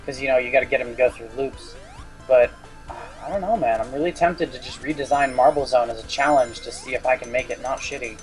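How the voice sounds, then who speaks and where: A young man co-commenting on a game over a voice call, chatty and quick to laugh, explaining his ideas at length. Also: mid-range voice, soft background music. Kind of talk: casual gaming commentary.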